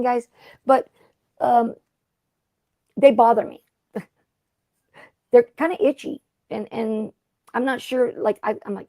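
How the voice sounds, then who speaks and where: A woman's voice: on the high side, a little mellow, dry recording, studio quality. A middle-aged woman hosting a casual craft livestream, rambling and chatty as she greets viewers by name. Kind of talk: casual live-stream chat.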